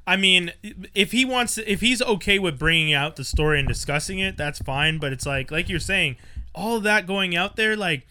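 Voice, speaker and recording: High, bright-voiced man chatting. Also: expressive, moderate pace, clean tone. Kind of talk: casual chat.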